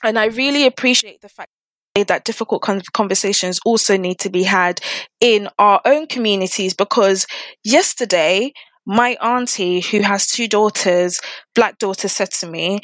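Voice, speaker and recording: A woman's voice: mid-range voice, fairly bright tone, no room sound. A woman in casual discussion, talking with passion and piling up rhetorical questions. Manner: impassioned, rapid rhetorical questions.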